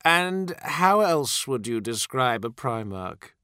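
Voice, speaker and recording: A man voicing a possessed male demon prince who is silken and mocking, speaking slowly and theatrically. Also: mid-range voice, very animated, bright, forceful tone, clean tone, dry recording, studio quality, pitched above the performer's own voice, heavily acted.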